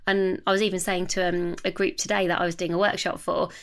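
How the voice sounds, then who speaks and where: A woman's voice: lowish voice, little pitch movement, quick pace. A woman in her thirties co-hosting a casual book chat, thinking aloud and restarting her sentences. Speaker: podcast co-host. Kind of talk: casual chat about books.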